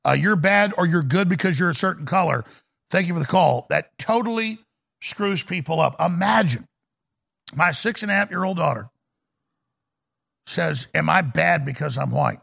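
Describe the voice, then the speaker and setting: A man's voice: sits high, lively intonation, moderate pace, vocal fry, long pauses, fairly bright tone. A middle-aged man hosting a talk radio show, ranting in a fervent, indignant, rambling way. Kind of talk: heated political talk radio.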